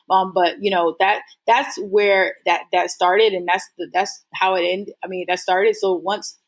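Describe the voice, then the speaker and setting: A woman guest telling her story in a casual interview, earnest and rambling with lots of fillers. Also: on the low side. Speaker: guest entrepreneur.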